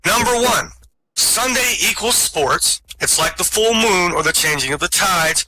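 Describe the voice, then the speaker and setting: A man's voice: sits high, animated, measured pace, sharp tone, low-quality recording. A man telling jokes and a list of rules at an online open mic, chuckling at his own punchlines. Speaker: stand-up comic. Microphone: home microphone, online voice chat.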